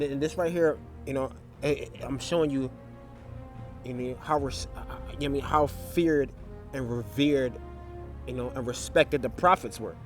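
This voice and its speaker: A man giving a casual Bible study, talking loosely with filler tags and restarts and reading scripture passages aloud. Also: medium pitch. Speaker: Bible teacher.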